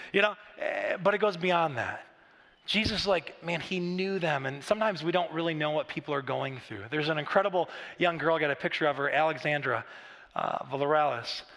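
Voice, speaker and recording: A man's voice: a little high, lively intonation, a little fast, fairly bright tone, big-room sound. A middle-aged man preaching a sermon in a conversational, storytelling way with frequent restarts and asides. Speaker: pastor. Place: large church auditorium.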